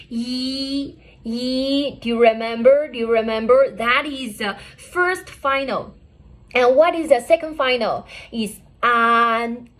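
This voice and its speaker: A woman teaches a beginner pinyin class in a high, bright voice. She speaks slowly and deliberately, saying each point twice. She checks in with "okay?" again and again. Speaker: Chinese language teacher.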